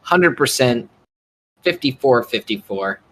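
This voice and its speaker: A man hosting a casual gaming chat, talking in an animated, rambling way with lots of fillers. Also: mid-range voice, slow pace, low-quality recording. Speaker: podcast host.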